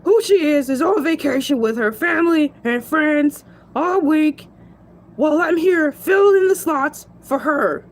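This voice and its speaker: A woman's voice: high voice, expressive, measured pace. A woman voicing a cocky male shark who hosts a show, chatting playfully and bragging as he rambles. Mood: boastful. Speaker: stand-in show host. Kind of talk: comedic solo character show.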